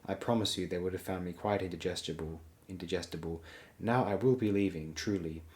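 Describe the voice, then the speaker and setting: A man's voice: low-pitched, brisk, darkish tone, close to an everyday voice. A man voicing a wry, sardonic dwarf lord in a dry, courtly manner.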